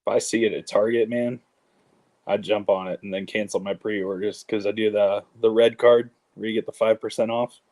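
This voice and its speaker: A man's voice: fairly low pitch, steady tone, normal speed, a little mellow. A man in an easygoing casual chat, often agreeing along. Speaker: guest.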